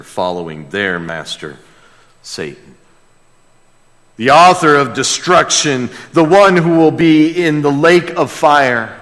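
A man preaching a sermon as pastor, passionate, dropping to a hush and then crying out. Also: medium pitch, long reverb tail. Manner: passionate, swings from hushed to crying out.

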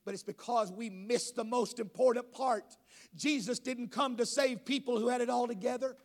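Pastor, male, high-pitched, sermon delivery that climbs to shouting. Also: fairly even intonation, normal speed. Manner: preaching, rising to shouts. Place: church.

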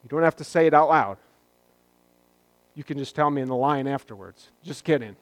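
A man's voice: mid-range voice, lively intonation, a little fast, no room sound. A man preaching a sermon as a pastor, talking in a conversational way with joking asides.

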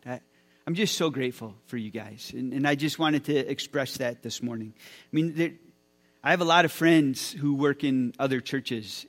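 A man in his forties, a pastor speaking to his church, enthusiastic and often repeating words as he talks. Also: on the high side. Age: 40s. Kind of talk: church sermon talk. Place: church sanctuary.

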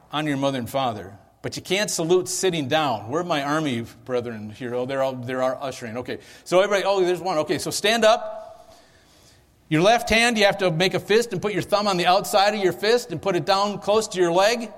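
A man preaching a sermon, playful and energetic as he leads the congregation in gestures. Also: on the high side. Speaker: pastor. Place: large hall, church sanctuary. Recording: long hall reverb.

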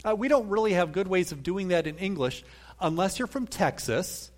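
Male pastor, high voice, teaching sermon, reads scripture and builds to lively emphasis. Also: normal speed. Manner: explains scripture step by step, reads verses aloud, lively emphasis.

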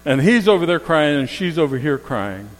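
A man's voice: a little high, sing-song, moderate pace. A man preaching a sermon as a pastor, telling stories and acting out what people said, repeating key phrases for emphasis. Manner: storytelling, acts out quoted voices, rising emphasis on repeated phrases. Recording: long hall reverb.

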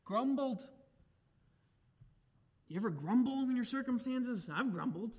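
A young man preaching a sermon, emphatic, moving between raised exclamations and quiet reflective asides. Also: very high voice, lively intonation, unhurried, long pauses, breathy edge.

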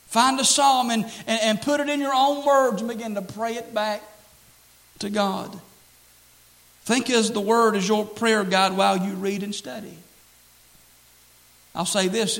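A man's voice: high voice, vocal fry, a bit bright, low-quality recording. A man preaching a sermon as pastor, earnest and repetitive, quoting scripture and stressing key phrases.

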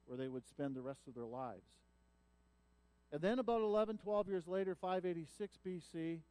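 High-voiced man preaching a sermon. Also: mellow. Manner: earnest preaching that swells when voicing a prophet's cries. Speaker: pastor.

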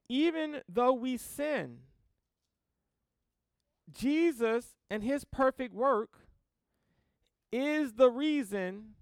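A male pastor delivers a sermon in a high, smooth, resonant voice. He stretches out key phrases and leans into them with emphatic swells. The sound is dry and close, with no room around it. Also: no room sound. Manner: preaching with slow emphatic swells and scripture reading.

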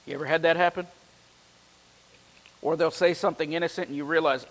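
A man with a fairly high voice preaches a sermon in a church, and his words ring out with a long hall reverb. He reads scripture with strong emphasis, then slips into easygoing, joking asides with the congregation. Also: fairly even intonation, brisk, pauses often. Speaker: pastor.

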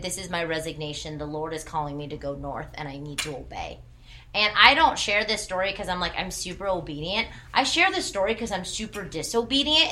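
Low, bright-voiced woman telling a faith story. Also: slight background noise. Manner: earnest storytelling with quoted dialogue and laughter. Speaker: former church ministry worker. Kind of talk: personal testimony talk.

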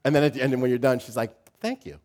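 A male pastor giving a casual, humorous sermon with dramatic swings between loud and soft. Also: mid-range voice, fairly even intonation, very fast.

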